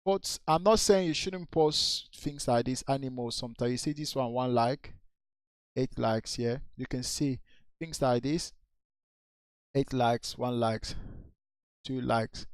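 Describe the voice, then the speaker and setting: A man slowly reviewing an account's social media posts, repeating his advice in a coaching way. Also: mid-range voice, clear, resonant tone, dry recording. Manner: slow, repetitive, coaching. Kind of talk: casual screen-share review.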